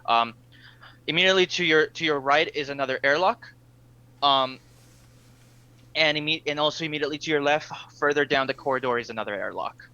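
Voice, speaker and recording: Bright-voiced man narrating as game master. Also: a little high, clean tone, no room sound, lo-fi sound. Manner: halting, full of fillers and restarts.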